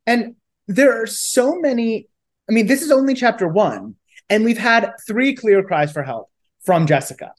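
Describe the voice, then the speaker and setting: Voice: medium pitch, animated, moderate pace. A podcast co-host recapping a book in casual chat, reading quotes aloud and then questioning them.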